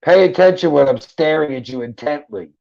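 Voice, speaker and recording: A man's voice: a little high, a little fast, creaky, mellow, dry recording, highs cut off. A middle-aged man hosting a livestream, chatting casually and joking with viewers' comments in a loose, profane way. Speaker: livestream host. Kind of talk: casual chat reading live comments. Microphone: headphones and mic at a computer.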